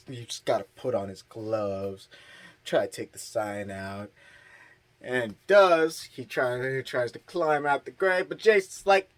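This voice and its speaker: Man, horror reviewer, slow and easygoing, mid pitch, casual profanity. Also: fairly bright tone. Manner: slow, laid-back and profane. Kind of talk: casual plot recap.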